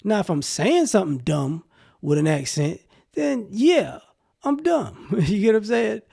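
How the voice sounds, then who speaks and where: A man's voice: high-pitched, sing-song, measured pace, vocal fry, mellow, slightly rough. A man with a Southern US accent talking through his opinions in a casual, rambling vlog, full of fillers. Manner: rambling, conversational, many fillers. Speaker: vlogger.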